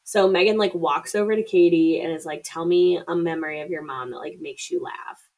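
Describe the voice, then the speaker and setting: Woman, podcast host, casual film recap, slightly low voice, swears, acts out quotes. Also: brisk, darkish tone, low-quality recording.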